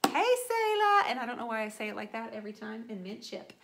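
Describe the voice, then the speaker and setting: A middle-aged woman chatting casually to her viewers while painting furniture, animated and playful, with teasing asides to viewers by name. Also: mid-range voice, racing, vocal fry, a little hiss or hum.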